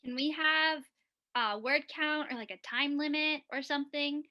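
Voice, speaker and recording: A woman's voice: sits high, moderate pace, lo-fi sound. A woman in a casual group chat about a kids' music program, talking in a playful, joking way.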